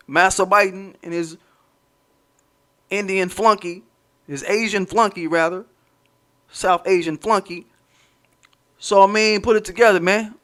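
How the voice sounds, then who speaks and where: This livestream host has a high, somewhat bright male voice. Talking to his chat, he goes off on a casual rant that wanders and is full of swearing.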